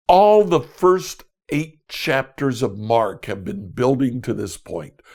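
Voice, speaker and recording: A man teaching a Bible study in a deliberate way, repeating key questions for emphasis. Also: lowish voice, sing-song, gravelly, darkish tone, breathy edge. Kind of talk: scripture teaching talk.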